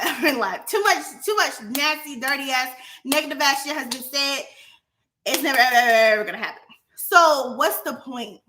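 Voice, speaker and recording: High bright-voiced woman ranting on a livestream. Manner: profane, emphatic, repeats words for stress; talks to her chat directly. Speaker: livestream host. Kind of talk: heated casual livestream rant.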